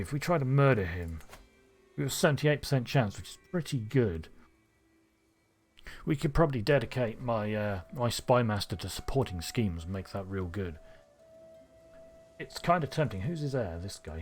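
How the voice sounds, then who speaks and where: A man streaming a strategy game live, thinking aloud with excitable bursts. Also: lowish voice, moderate pace, soft background music.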